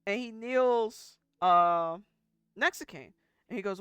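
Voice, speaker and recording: A woman's voice: medium pitch, slow, a bit bright, clean tone, dry recording, faint music behind. A woman running a tabletop game as dungeon master, narrating in a casual, chatty way and swearing freely.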